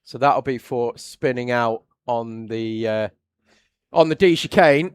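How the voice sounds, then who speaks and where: A man's voice: mid-range voice, slow, clean tone. Chatty English male kart race commentator. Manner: chatty, reacts loudly to on-track incidents. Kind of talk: live motorsport commentary.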